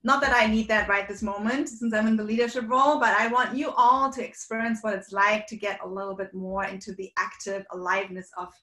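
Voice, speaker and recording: Swedish-german woman coach on a video call, talks fast n a lot, bright voice, echoey room. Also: mid-range voice, fairly even intonation. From Sweden and Germany. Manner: fast and talkative, playfully demonstrates vocal variety. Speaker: communication coach leading a workshop. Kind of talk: energetic online workshop talk.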